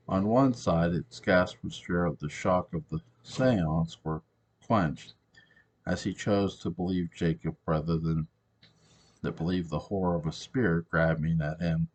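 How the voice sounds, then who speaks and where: A man narrating a story, reading in a slow, deliberate way. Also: sits low.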